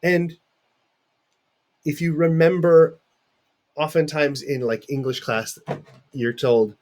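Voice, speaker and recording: A man's voice: mid-range voice, fairly even intonation, takes it slowly, pauses often, a little mellow. A middle-aged man teaching in a recorded video lecture, talking conversationally and putting questions to his students.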